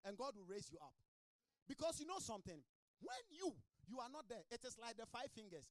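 Fervent preaching man with lively pitch. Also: fairly quick, no echo. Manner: fervent preaching, calls out to congregation members by name. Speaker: pastor. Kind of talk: sermon. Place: small church.

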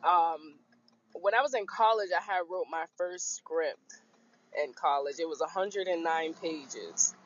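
A woman hosting a podcast, telling a personal story in a frank, animated way and acting out the people in it. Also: fairly low pitch, unhurried, a little hiss or hum. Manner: animated, acts out quoted voices, frank. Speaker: podcast host. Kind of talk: casual storytelling chat. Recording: muffled lo-fi recording.

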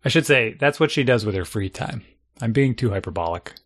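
A man's voice: medium pitch, animated, fairly quick, a bit bright. A man chatting casually, telling wry, self-deprecating stories about parenting. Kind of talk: casual chat.

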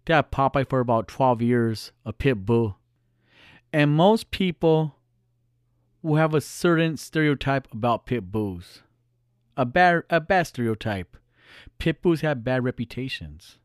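A man's voice: medium pitch, animated, measured pace, clean tone, no echo, clean studio sound. A male podcast host talking alone in a casual, earnest, reflective way, repeating phrases for emphasis. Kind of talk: casual solo monologue.

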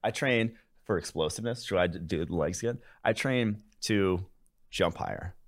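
Very deep gravelly man, dry close sound. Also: normal speed, dry recording. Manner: blunt, crude, wry. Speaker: podcast co-host. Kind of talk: casual sports chat.

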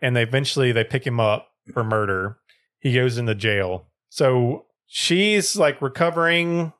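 A man's voice: mid-range voice, lively intonation, measured pace, a bit bright. A young man co-hosting a casual podcast, retelling a story with lots of swearing and acted-out quotes.

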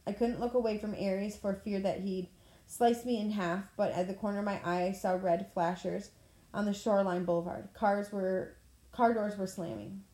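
Brief: woman reading a story aloud, mellow dark tone, roomy echo, plain delivery. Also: mid-range voice, fairly even intonation, normal speed. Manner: plain reading, clears throat now and then. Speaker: audiobook reader. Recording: echoey room.

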